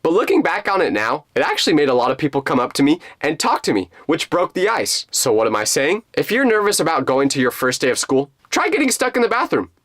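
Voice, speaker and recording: A young man in his twenties narrating a comedic personal story in a lively, jokey, dramatic way. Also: on the high side, quick pace, hardly any pauses, no echo. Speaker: storytime channel host.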